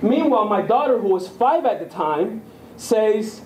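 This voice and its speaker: A man's voice: high-pitched, big pitch swings, a little slow, a little mellow, reverberant, recorded from a distance, a little hiss or hum, rough recording. A man in his thirties from Puerto Rico gives a public talk, telling stories and often checking in with "right?". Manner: conversational storyteller, keeps asking "right?". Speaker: guest speaker. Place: lecture room.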